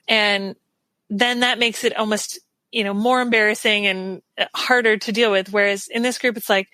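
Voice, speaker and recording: A woman with a bright, clear voice speaks as a podcast guest. She is earnest and reflective and often laughs softly, recorded on a dry, close mic. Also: medium pitch, steady tone, normal speed, dry recording. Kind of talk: casual interview chat.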